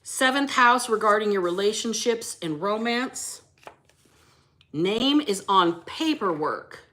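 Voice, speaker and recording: A woman's voice: mid-range voice, animated, slow pace, fairly bright tone. Chatty woman doing a tarot stream, brash, cusses a lot, talks right to her viewers. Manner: brash and chatty, swears freely, greets viewers. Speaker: tarot reader and channel host. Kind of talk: casual livestream tarot reading.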